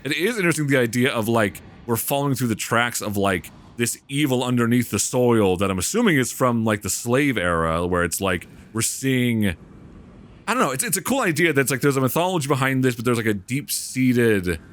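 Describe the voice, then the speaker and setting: A man's voice: mid-range voice, animated, a little fast, a bit bright. A man commenting casually on a game, joking sarcastically and reading on-screen prompts aloud. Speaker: let's play gamer.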